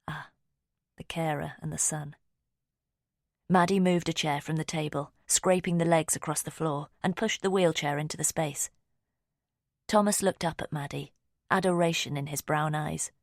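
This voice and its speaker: Woman narrating an audiobook, low and gravelly, dry close sound. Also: no echo. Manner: steady, measured storytelling. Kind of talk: scripted narration.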